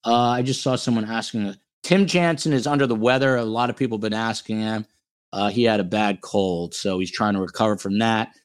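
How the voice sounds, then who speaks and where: A man with a New Jersey accent hosts a casual podcast livestream. His voice sits low, and he talks in an animated, playfully boastful way, teasing his co-hosts and the chat. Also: fairly quick, smooth. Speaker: podcast host.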